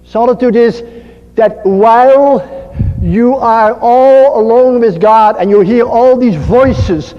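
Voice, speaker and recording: Dutch-accented male priest, mellow tone, unhurried, emphatic sermon delivery. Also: very high-pitched. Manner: slow, earnest, emphatic with repetitions. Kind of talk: spiritual talk. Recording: muffled archival recording in a reverberant hall.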